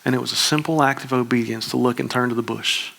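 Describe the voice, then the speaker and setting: A man, preaching a conversational, emphatic sermon as a pastor with quick restarts. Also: medium pitch, fairly even intonation, vocal fry, bright, forceful tone, a little hiss or hum.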